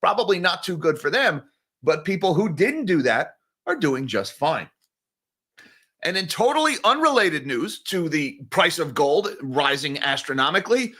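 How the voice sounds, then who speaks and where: A man giving casual, rambling solo commentary on markets, sarcastic, with animated asides. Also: fairly high pitch, normal speed. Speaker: finance commentator.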